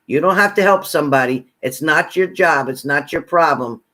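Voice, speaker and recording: A fairly high-voiced man reading psychic messages sign by sign. He talks bluntly and bossily, repeating his orders and swearing freely as tough love. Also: normal speed, bright, forceful tone. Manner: profane, repetitive, bossy tough-love commands. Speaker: psychic card reader.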